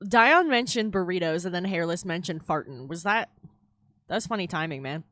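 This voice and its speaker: A woman's voice: lowish voice, lively intonation, normal speed, fairly bright tone, no room sound, studio quality. A woman chatting casually while drawing on a live stream, swearing freely and laughing easily. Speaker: streaming artist. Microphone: headset.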